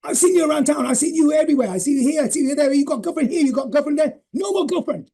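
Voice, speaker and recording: A man's voice: extremely high pitch, racing, warm tone, voice pushed up. A man putting on the voice of his young father as a flustered, eager suitor who stammers and repeats himself.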